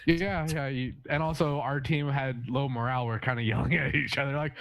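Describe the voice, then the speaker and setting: A man's voice: medium pitch, fairly even intonation, brisk, gravelly, hardly any pauses, fairly bright tone, no room sound. A man co-hosting a casual gaming podcast, rambling through stories and laughing often. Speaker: podcast co-host.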